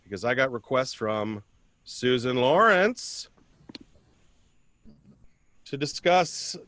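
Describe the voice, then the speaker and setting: A man's voice: mid-range voice, sing-song, takes it slowly, sharp tone. A man doing a self-deprecating stand-up comedy set over a video call, chatting with viewers between jokes.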